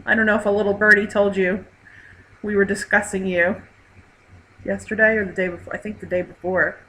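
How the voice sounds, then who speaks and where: Casting note: woman host, bright clear voice, chatty and laughing, live stream chat. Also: mid-range voice, flat delivery, brisk, slight background noise, rough recording. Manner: chatty, laughs often, reads chat aloud.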